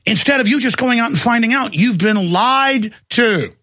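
A man hosting a talk show, delivering a heated, ranting monologue with bursts of shouting. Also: very high-pitched, animated, moderate pace, no echo.

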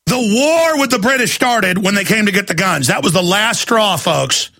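Man, radio host, ranting, shouting, bright tense voice. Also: sits high, animated, moderate pace. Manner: angry, shouting, accusatory.

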